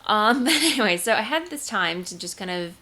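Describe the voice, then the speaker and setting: A woman's voice: mid-range voice, expressive, brisk, pushed and bright. A woman hosting a knitting video podcast from home, talking casually and rambling with lots of ums and restarts as she shows her crafting gear. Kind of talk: casual show-and-tell vlog. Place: home, seated indoors.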